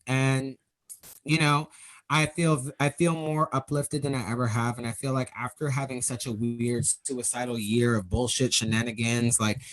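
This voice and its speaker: A man's voice: medium pitch, flat delivery, moderate pace, fairly bright tone, poor audio. Young male podcast guest, earnest and emotional, acts out quoted speech as he tells a story. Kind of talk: personal storytelling in conversation.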